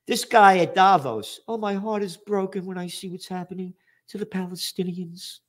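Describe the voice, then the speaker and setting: A male host of a political interview show, ranting in a sarcastic, emphatic way. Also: fairly high pitch.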